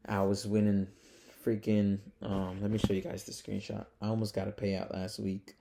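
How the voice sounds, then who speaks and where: A man's voice: on the low side, completely flat delivery, moderate pace, creaky, noisy background. A young man talking straight to his viewers in a casual vlog, rambling and earnest, full of fillers and calling them "guys" and "man". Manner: calls the audience "guys" and "man". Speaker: trading vlogger.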